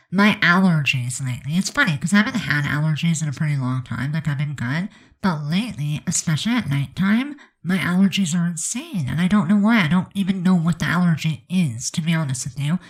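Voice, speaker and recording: A woman's voice: deep voice, rough recording. A woman with a stuffed-up, congested voice giving a chatty, rambling voice-over commentary on a game build. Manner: chatty, rambling, many fillers.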